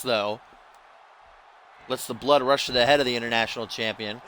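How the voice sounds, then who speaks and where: A man commentates on a wrestling video game in a casual, excitable way, calling each move like an announcer. His voice is bright and forward, at a middle pitch for a man. He talks loosely and throws in slang. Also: normal speed, a little hiss or hum. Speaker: gameplay commentator.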